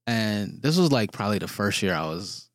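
A man's voice: lowish voice, sing-song, moderate pace, dry recording, studio quality. A young man from Detroit with a Detroit accent, hosting a casual podcast chat and telling stories with easy laughs. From Detroit, USA. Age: young adult. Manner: laid-back storyteller, laughs often. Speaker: podcast host.

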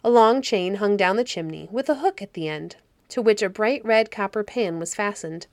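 A woman narrating a fairy story audiobook in a calm, measured way. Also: medium pitch, no room sound, studio quality. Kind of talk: reading a fairy story aloud.

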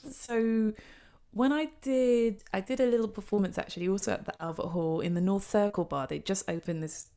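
A young woman with a British accent talks through an interview in a loose, chatty way, her voice carrying a light gravelly fry. She laughs easily and leans into her stories, and her pitch sits right in the middle of the usual range. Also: normal speed, mellow. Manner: chatty, laughs often, tells stories animatedly. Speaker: guest musician, cellist. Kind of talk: casual interview chat.

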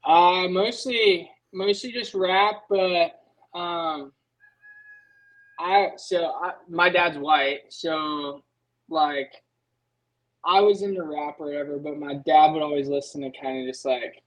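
Young man, slightly high voice, podcast guest, animated, casual storytelling, heavy filler words. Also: slow, rough recording. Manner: animated, leans on filler words, acts out his own past thoughts. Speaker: guest, motocross racer.

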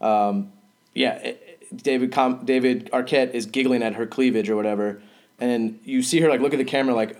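A man's voice: medium pitch, steady tone, a little mellow. A man co-hosting a casual movie podcast, swearing freely and stumbling over restarts. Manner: profane, halting, with many restarts. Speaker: podcast co-host.

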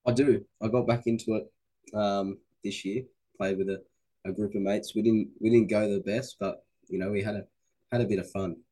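A man, a guest co-host, chatting in a relaxed, agreeable way. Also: lowish voice, moderate pace, husky, poor audio. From Australia. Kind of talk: casual chat.

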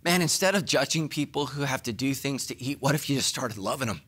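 A middle-aged man preaching a sermon as a pastor, telling the story with acted-out dialogue and sudden swings between loud and hushed. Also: fairly quick, husky. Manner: animated storytelling, acting out dialogue with big pitch swings.

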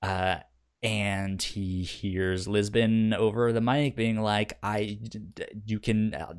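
Recapping a TV show on a podcast he co-hosts, a man speaks in a smooth, level voice on the low side. The chat is casual, peppered with stammers, doubled syllables and plenty of swearing. Now and then he jumps into quick bursts of characters' dialogue.

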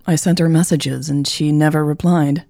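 A woman's voice: low-pitched, fairly even intonation, normal speed, warm tone, no echo, soft background music. A woman voicing a heartsick young woman who gets defensive with her sister. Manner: defensive, reluctant.

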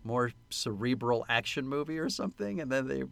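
A man's voice: medium pitch, animated, a little fast, gravelly, fairly bright tone, no room sound. A man co-hosting a podcast, chatting casually and joking about a movie, laughing often. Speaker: podcast co-host. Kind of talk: casual movie-review chat.

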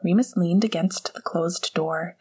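A woman narrating fan fiction aloud in a soft, measured manner. Her voice is breathy and sits low. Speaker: audiobook narrator.

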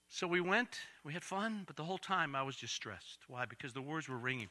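An older man preaching a storytelling sermon, swinging from loud acted-out voices to hushed asides. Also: high-pitched, brisk. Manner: dramatic swings from loud to whispered.

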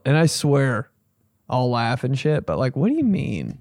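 A man hosting a comedy podcast, riffing in a casual, animated way and swearing freely. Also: medium pitch, unhurried, creaky, dry recording, clean studio sound.

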